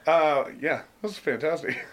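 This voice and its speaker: A young man hosts a casual podcast chat with friends, loose and joking, swearing freely. His voice sits a little high and sounds bright and forward. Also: slight background noise. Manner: laid-back, swears a lot, laughs often. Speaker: podcast host.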